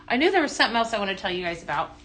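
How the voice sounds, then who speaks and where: A woman hosting a live shopping stream, chatting bubbly and warmly greeting viewers by name as she shows products. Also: mid-range voice, sing-song, racing, slight background noise. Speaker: live sales host.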